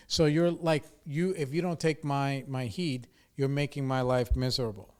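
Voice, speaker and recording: A man's voice: on the high side, fairly even intonation, normal speed. A middle-aged man of Puerto Rican background, hosting a podcast in a rambling, profane, self-deprecating casual monologue. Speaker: podcast host.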